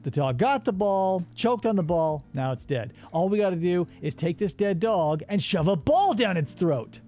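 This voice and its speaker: Man quoting a laid-back young movie guy, casual, offhand, lively pitch. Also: normal speed. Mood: scheming.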